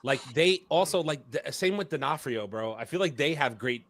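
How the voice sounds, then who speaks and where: A man's voice: fairly high pitch, lively intonation, moderate pace, a bit bright. A man co-hosting a casual podcast in loose slangy talk, asking questions and musing about the show. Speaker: podcast co-host. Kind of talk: casual chat.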